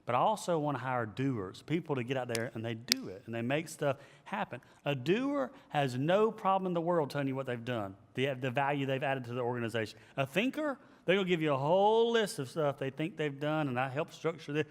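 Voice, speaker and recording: A man who is a pastor, giving an emphatic, animated leadership teaching and repeating his key phrases. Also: medium pitch, a little fast, few pauses. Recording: long hall reverb.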